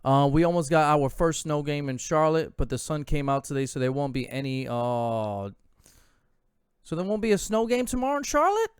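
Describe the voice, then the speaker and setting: A man's voice: on the high side, very animated, moderate pace, smooth, no echo, studio quality. A young man hosting a casual sports call-in show, chatty and joking, laughing often. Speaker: host.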